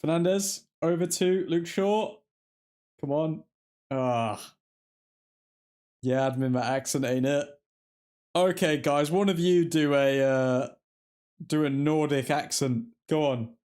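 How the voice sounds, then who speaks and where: A man's voice: a little high, slow pace, long pauses, darkish tone. A man hosting a live football watchalong, reacting to the play as it happens and chatting with his viewers. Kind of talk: live match commentary and fan chat.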